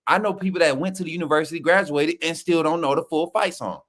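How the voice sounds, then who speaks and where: Excitable man hosting a fan live stream. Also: on the high side, fast. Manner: preacher-like shouting and chanting, laughing often. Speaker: sports channel host. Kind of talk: live-stream chat, mock preacher call.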